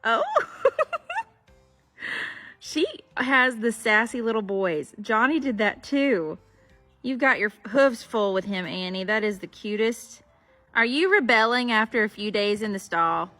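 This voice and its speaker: A woman's voice: a little high, expressive, a little slow, bright, forceful tone, soft background music. A woman filming her foals in a barn, gushing at them in casual baby talk. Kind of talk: casual vlog talking to foals. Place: horse barn and arena.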